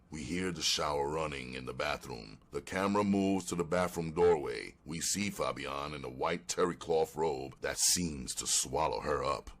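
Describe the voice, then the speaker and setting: A man narrating the stage directions of a screenplay in a slow, measured, flat delivery. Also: very deep voice.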